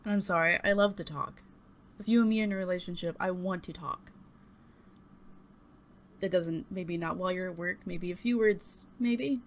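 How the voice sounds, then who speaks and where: Young woman, lower voice, rambling, hesitant, blunt, swears, home webcam vlog, desk mic, faint background noise. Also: normal speed, pauses often. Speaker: vlogger. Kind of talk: personal storytelling to webcam. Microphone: desktop USB mic and webcam.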